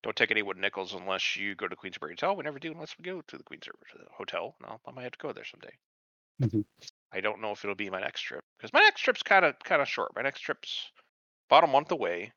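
Man, bright voice, dry muffled sound, rambling swearing chat. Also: lowish voice, no room sound. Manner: rambling, swears a lot, lively. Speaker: podcast co-host. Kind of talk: casual profane chat.

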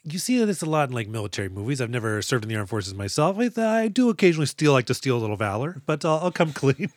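A man's voice: medium pitch, big pitch swings, fast talker, dry recording, studio quality. A man co-hosting a casual movie podcast, joking and acting out lines from films. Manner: jokey, acts out movie lines in quoted voices. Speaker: podcast co-host.

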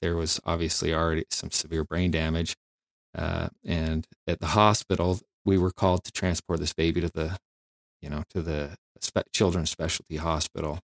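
Male guest, deep voice, dry close sound, reflective storyteller with frequent fillers. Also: flat delivery, creaky, no room sound. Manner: reflective, halting, many fillers. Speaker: firefighter and flight nurse guest. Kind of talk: candid storytelling interview.

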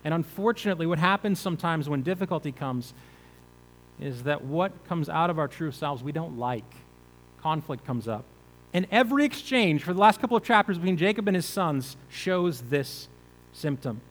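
A man's voice: a little high, lively intonation, moderate pace, in a large hall, rough recording. A male pastor preaching a conversational sermon, asking the listeners rhetorical questions.

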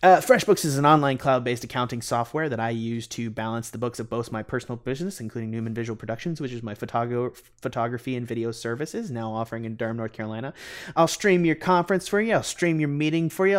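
A man's voice: mid-range voice, quick pace, clean tone. A man hosting a movie podcast, talking in a rambling casual way with many fillers. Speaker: podcast host. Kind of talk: casual chat and host-read ad.

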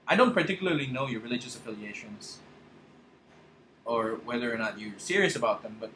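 A man's voice: a little high, sing-song, brisk, a bit bright, reverberant, a little hiss or hum, low-quality recording. A man ranting angrily and passionately on his podcast, swearing as he confronts a politician. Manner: angry, impassioned, swearing. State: choked up, fighting tears. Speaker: podcast host. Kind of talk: political rant monologue.

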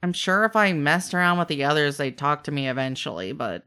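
A woman voicing a mischievous male trickster spirit who talks in a playful, drawn-out, chatty way. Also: low-pitched, lively intonation, sharp tone, clear, resonant tone. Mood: dismissive. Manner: teasing, drawn-out, chatty with trailing fillers.

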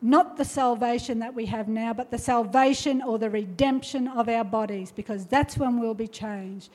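A woman's voice: a little high, moderate pace, darkish tone. A woman preacher giving a sermon in a church, emphatic and urging, with repeated rhetorical questions.

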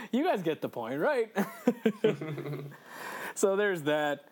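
A man co-hosting a casual video game chat, excitable, swearing freely and laughing often. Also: fairly high pitch, extremely slow, a little hiss or hum. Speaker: let's play co-host.

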